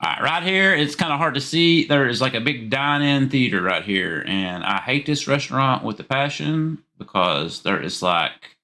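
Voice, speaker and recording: A man's voice: mid-range voice, animated, normal speed, few pauses, pushed and bright. A man with a Southern accent hosting a live call-in stream, joking around rowdily and swearing freely. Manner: rowdy, profane and joking. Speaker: livestream call-in show host. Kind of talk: casual live stream chat.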